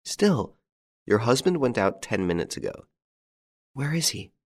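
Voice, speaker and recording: A man's voice: medium pitch, sing-song, unhurried, pitched above the performer's own voice. A man voicing a frightened young noblewoman and desperate mother, breathless and pleading, often whispering. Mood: anxious.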